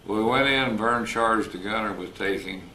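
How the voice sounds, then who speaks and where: An older retired wildlife officer telling folksy stories in an interview, acting out the voices of the people in them. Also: male voice, on the low side, moderate pace, sharp tone. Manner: folksy, anecdotal, acts out quoted dialogue. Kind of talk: storytelling interview. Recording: roomy recording with faint noise.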